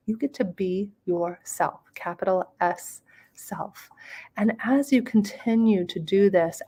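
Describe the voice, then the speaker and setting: A middle-aged woman speaks as a guest in a motivational interview. Her voice sits at an ordinary pitch, and her delivery is enthusiastic and expressive, with frequent laughter.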